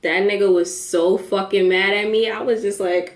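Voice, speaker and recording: A young woman tells a wild story to camera with lots of swearing and lively, expressive delivery. Her voice sits at an ordinary pitch, and the room around her rings with echo. She laughs her way through the telling. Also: normal speed. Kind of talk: casual storytime. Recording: echoey room.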